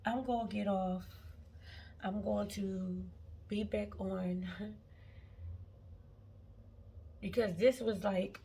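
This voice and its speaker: Gravelly emphatic woman vlogger. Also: mid-range voice, steady tone, extremely slow, pauses often, mellow, a little hiss or hum. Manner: emphatic, repeats words, prays aloud mid-talk. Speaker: faith vlogger. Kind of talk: spontaneous faith talk to viewers. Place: on vacation.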